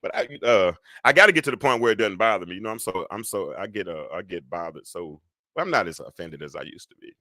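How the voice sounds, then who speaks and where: Deep-voiced man hosting a call-in show. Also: fast talker, dry recording, studio quality. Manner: rambling, animated, jumps between loud and soft. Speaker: talk show host. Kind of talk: live call-in show chat.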